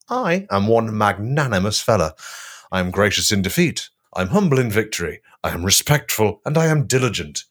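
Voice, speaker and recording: Deadpan man, lively pitch. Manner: deadpan, mock-grandiose. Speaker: podcast co-host. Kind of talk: comic storytelling.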